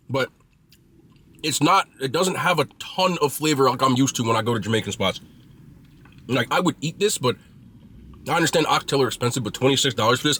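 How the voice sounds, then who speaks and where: A man's voice: mid-range voice, bright, forceful tone, slight background noise. A man casually reviewing food he is eating, chatty and blunt, with loose slangy talk.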